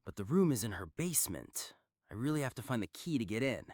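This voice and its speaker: An actor playing a calm adult man in a video game who talks plainly through fixing a broken connection. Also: medium pitch, quick pace, husky, no echo, clean studio sound. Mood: matter-of-fact. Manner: plain matter-of-fact narration of tasks. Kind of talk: video game character voice lines.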